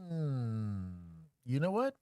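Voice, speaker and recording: A man's voice: medium pitch, very animated, slow pace, mellow, smooth, no echo, studio quality. A man from Texas co-hosting a livestream, reacting to police bodycam footage with joking, wry commentary. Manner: joking, wry, laid-back banter.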